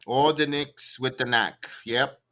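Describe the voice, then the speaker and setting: A man's voice: medium pitch, fairly even intonation, slow, bright, forceful tone. A man hosting a live fan watch-along, calling the plays one by one and breaking into sarcastic asides and rants about the coach. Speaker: watch-along play-by-play host. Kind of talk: live fan play-by-play commentary.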